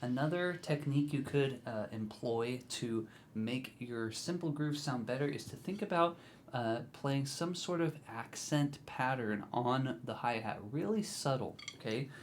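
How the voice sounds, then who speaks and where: A man teaching drums, explaining grooves in a relaxed, encouraging way, counting in and scatting rhythms. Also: mid-range voice, measured pace, slight background noise. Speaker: drum teacher. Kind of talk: instructional video talk.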